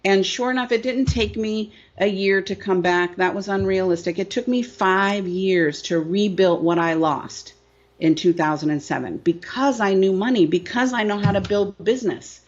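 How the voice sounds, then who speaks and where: A woman's voice: medium pitch, moderate pace. Woman, middle-aged, business coach, emphatic, keeps saying right, muffled lo-fi sound. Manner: emphatic, repetitive, rhetorical "right?". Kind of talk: candid interview storytelling.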